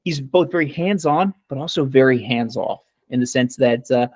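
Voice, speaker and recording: A man's voice: mid-range voice, moderate pace, darkish tone, no room sound. A man co-hosting a podcast in casual chat, giving sarcastic mock praise and rambling with many fillers. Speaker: podcast co-host.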